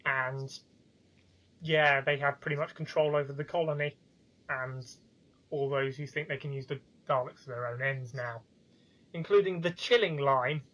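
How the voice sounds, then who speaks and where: Man, podcast co-host, casual review chat, enthusiastic recap, fairly high voice. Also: fairly bright tone, low-quality recording. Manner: enthusiastic, recaps the plot at length.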